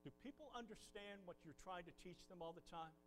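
A man's voice: sits high, brisk, long reverb tail, background noise. A man from Ohio preaching a sermon from the pulpit, telling folksy stories. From Ohio, USA. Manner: folksy storytelling, animated. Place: church pulpit.

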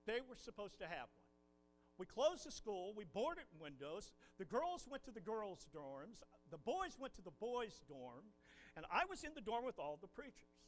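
A man's voice: sits high, moderate pace, in a large hall, a little hiss or hum, low-quality recording. A man from Ohio preaching a sermon from the pulpit, telling folksy stories. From Ohio, USA. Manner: folksy storytelling, animated. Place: church pulpit.

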